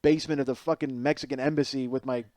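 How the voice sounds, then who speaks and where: A man's voice: mid-range voice, fast talker, no echo, clean studio sound. A middle-aged man hosting a podcast, telling a comedic story with lots of swearing and acting out the people he quotes. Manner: profane, animated, acts out quoted people. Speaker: podcast host.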